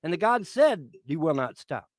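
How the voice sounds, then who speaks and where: A man's voice: a little high, sing-song, moderate pace, dry recording. A man in his fifties on a livestream, swearing and making threats in a repetitive rant. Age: 50s.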